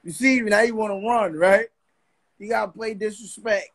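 Young male streamer, very high and breathy, swaggering mockery. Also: fairly even intonation, normal speed, fairly bright tone. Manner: brash, mocking, swaggering. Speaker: livestream host. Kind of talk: trash-talking livestream roast.

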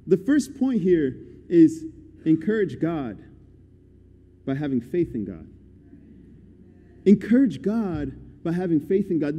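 Male guest preacher, high voice, unhurried, animated sermon delivery. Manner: animated, swings from quiet to loud. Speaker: guest speaker. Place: church hall. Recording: church hall reverb.

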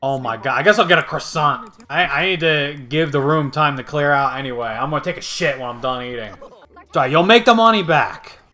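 A young man casually commentating a life-sim game he is playing, swearing freely and getting excitable. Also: on the high side, a little fast. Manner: profane, excitable, jokey. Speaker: gaming video host.

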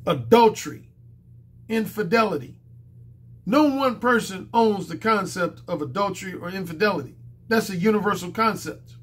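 A man who is a dating coach, talking in a strained, hoarse voice from a cold, lecturing his viewers emphatically and repeating his points. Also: high voice, animated, moderate pace, a bit bright. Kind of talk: monologue to camera.

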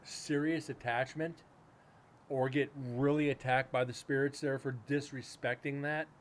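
A man's voice: medium pitch, fairly even intonation, measured pace, slight background noise. Rambling, profane male livestream host. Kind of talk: casual livestream chat. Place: home room with a cat nearby.

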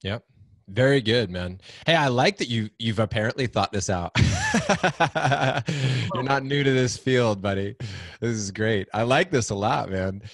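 A podcast host, a man with a fairly low voice, who talks with eager, emotional energy. He asks questions and reacts with open enthusiasm. His voice is recorded close and dry. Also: measured pace, dry recording, faint music behind. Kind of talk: podcast interview.

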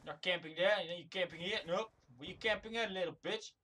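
High, bright-voiced man ranting while gaming. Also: a little fast. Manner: constant swearing, ranting at opponents. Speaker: gamer recording his own play. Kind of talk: angry gameplay commentary.

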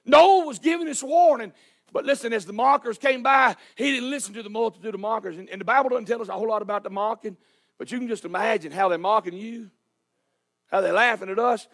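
A man's voice: sits high, fast, creaky. A man preaching a sermon as pastor in a church, emphatic and hollering. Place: church sanctuary.

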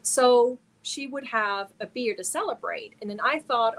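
A middle-aged woman chats casually on her live stream. Her voice sits a little high, and she greets viewers and answers their messages one by one. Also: normal speed, vocal fry. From Germany. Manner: reads chat messages aloud and answers viewers warmly one by one.

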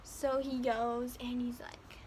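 A woman storyteller retells a fairy tale in a loose, chatty, rambling way. Her voice sits high and animated. Faint room ambience hums under the recording. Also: moderate pace, a little hiss or hum.

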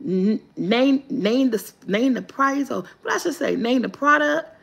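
A woman hosting a live guessing game, reading clues slowly and cheering loudly when viewers answer right. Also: high-pitched, animated, gravelly, breathy edge. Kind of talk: casual live-stream chat.

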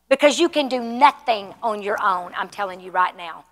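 A woman's voice: mid-range voice, animated, normal speed, fairly bright tone, long reverb tail. A woman pastor teaching a church class in a conversational way, often asking the room questions. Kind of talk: sermon teaching. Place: church hall.

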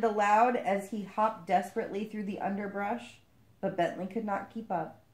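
A woman reads a children's picture book aloud in a lively, expressive way. Her voice sits at an average pitch for a woman, in a noticeably echoey room. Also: normal speed. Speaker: storyteller.

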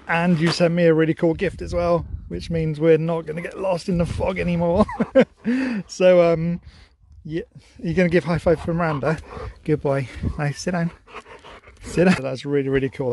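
Cheery young bloke, chatty dog-owner vlogger, slightly high voice, laughs a lot. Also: male voice, darkish tone, slight background noise. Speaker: dog owner thanking viewers for gifts. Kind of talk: casual vlog chat to camera and dog.

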